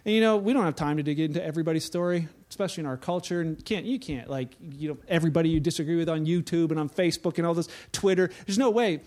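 A man preaching a sermon in a relaxed, conversational way, telling anecdotes and often restarting his sentences. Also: sits high, fast talker, few pauses. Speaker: pastor.

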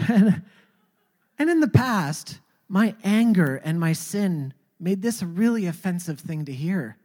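Someone tells a personal faith testimony in a halting, conversational manner, frequently repeating words before moving on. The voice is middle-pitched, expressive and dark in tone, wrapped in a long, hall-like reverb.

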